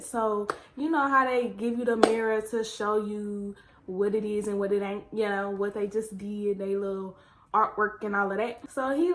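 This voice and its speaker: A young woman chatting casually in a vlog, telling a story in an animated way and acting out her own quotes. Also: fairly high pitch. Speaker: vlogger.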